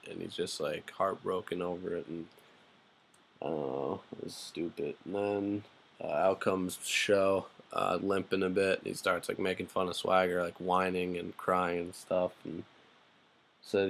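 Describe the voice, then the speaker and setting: A man's voice: low-pitched, little pitch movement, unhurried, creaky. A man giving a casual, rambling spoken recap of a wrestling show, full of fillers and blunt, profane asides.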